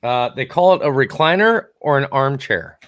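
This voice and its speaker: A man's voice: medium pitch, lively intonation, moderate pace, a bit bright. A man co-hosting a podcast, leading the talk casually and laughing often. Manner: laughs often, steers the discussion. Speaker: podcast co-host. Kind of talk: casual comedic chat.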